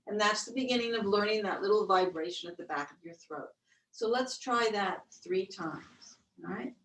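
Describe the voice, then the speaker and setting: A woman yoga instructor leading a webcast breathing class, with slow, gentle counted cues. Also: mid-range voice. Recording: roomy, distant webcast audio.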